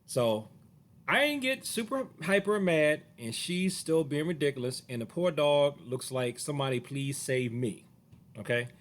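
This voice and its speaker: A man recounting a past run-in, his pitch sitting fairly high and swinging widely as he talks. He slips into the voices of the other people in the story. Casual, expressive storytelling to camera. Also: unhurried. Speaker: martial arts teacher.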